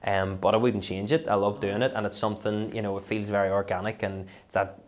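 A Northern Irish comedian in a casual podcast interview, rambling and self-deprecating, full of fillers and restarts. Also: male voice, lowish voice, level tone, fast talker. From Northern Ireland. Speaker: comedian guest.

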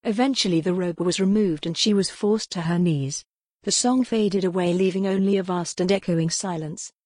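A woman narrating a novel in a steady, measured voice that sits on the low side. The recording is close and dry, with no room sound. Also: no room sound. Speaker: audiobook narrator. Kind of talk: scripted narration.

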